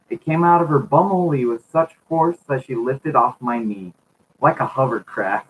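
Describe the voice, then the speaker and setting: A man's voice: mid-range voice, lively intonation, moderate pace, slight background noise, rough recording. A man reading a children's book aloud for a video, repeatedly cracking up with laughter. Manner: giggly, keeps cracking up while reading.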